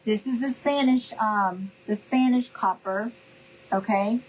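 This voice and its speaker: Female craft-tutorial host, unhurried and chatty, keeps checking in with viewers, faint hum behind. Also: fairly high pitch, rough recording. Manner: chatty, addresses viewers as y'all, checks in with okay?. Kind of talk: live crafting demonstration.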